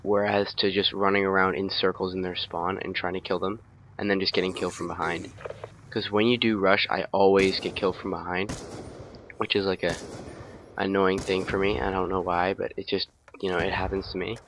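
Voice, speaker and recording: A man's voice: low-pitched, level tone, brisk, fairly bright tone, a little hiss or hum. A tired young man rambling through casual gameplay commentary, with lots of fillers. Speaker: gaming commentator.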